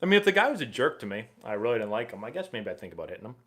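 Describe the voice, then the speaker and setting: Man in his thirties, stream host, relaxed and conversational while answering questions. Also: medium pitch, racing. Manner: relaxed, chatty, reads viewer questions aloud. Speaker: livestream host and former pro baseball player. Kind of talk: casual live Q&A chat.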